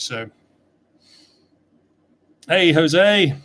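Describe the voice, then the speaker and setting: A man's voice: fairly high pitch, measured pace, bright, forceful tone. A middle-aged man chatting casually on a livestream, reading out and answering viewer questions from his desk webcam. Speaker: toy reviewer answering live chat.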